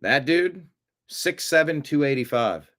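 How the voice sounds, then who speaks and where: A man's voice: a little high, expressive, unhurried, a bit bright. A man hosting a live stream, chatting casually and reading viewer comments with rambling, jokey asides. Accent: American. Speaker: show host.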